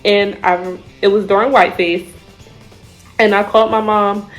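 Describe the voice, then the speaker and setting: A young woman telling, in a casual vlog, about her time in Army basic training, with frequent fillers and lively drill-call shouts. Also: medium pitch, normal speed, faint music behind, rough recording. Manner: animated storyteller, shouts out drill calls; says "like" and "I remember" often.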